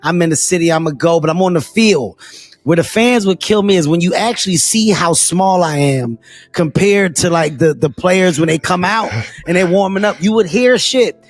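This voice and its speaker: Excitable husky high-pitched man. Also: moderate pace, no echo, soft background music. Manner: animated, laughing, mock heckling. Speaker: podcast guest. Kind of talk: casual chat.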